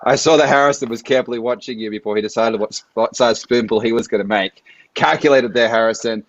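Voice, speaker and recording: A man hosting a live stream chat, animated and reading out viewer questions. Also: medium pitch, fast, no room sound, highs cut off. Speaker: host.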